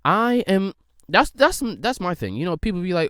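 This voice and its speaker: A man's voice: expressive, measured pace, fairly bright tone, clear, resonant tone, dry recording, clean studio sound. A man hosting a podcast, delivering a rambling, profane, comedic rant that jumps between his own voice and mocking impressions. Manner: rambling, profane, swings pitch widely for quoted voices. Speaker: podcast host.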